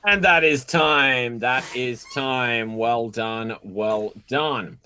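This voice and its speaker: A man's voice: mid-range voice, very slow, bright, forceful tone, slight background noise. A man hosting an online improv comedy show over a video call, announcing the games with an upbeat manner. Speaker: host.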